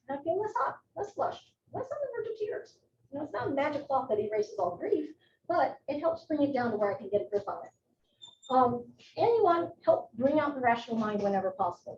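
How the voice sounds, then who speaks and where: A middle-aged woman gives a live educational talk in a chatty, animated way, slipping in personal asides. Her voice sits high and swings widely in pitch. She is picked up from a distance in an echoey room, with a muffled sound and a faint hiss behind her. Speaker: psychiatric nurse practitioner, presenter. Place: presentation room.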